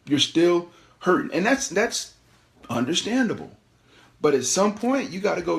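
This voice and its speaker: A middle-aged man hosting a call-in show, giving animated, preachy career advice and repeating his key phrases. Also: high-pitched, moderate pace, gravelly. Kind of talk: motivational career talk.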